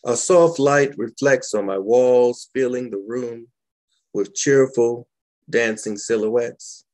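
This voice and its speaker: A man, a poet, reading his poems aloud in a slow, dramatic, deliberate way with long pauses. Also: medium pitch, a little mellow. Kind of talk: poetry reading.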